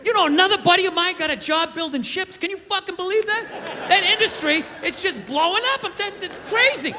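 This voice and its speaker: A man doing stand-up comedy with a Boston accent, telling stories in a loud, ranting way on a stage. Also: very high voice, brisk, a crowd in the background, background noise. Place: comedy stage in a large venue. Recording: live stage recording with hall reverb.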